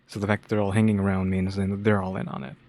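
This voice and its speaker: A man co-hosting a casual chat, adding relaxed, wry commentary. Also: sits low, fast.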